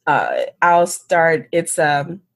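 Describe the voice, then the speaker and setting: A woman guest and author telling a story in a casual interview, animated and laughing often. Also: low voice, extremely slow, creaky.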